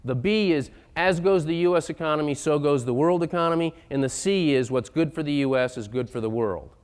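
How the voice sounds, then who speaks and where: A man giving an emphatic lecture-style talk on economics, building to loud, insistent points. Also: a little high, fairly quick, clear, resonant tone. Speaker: economic speaker.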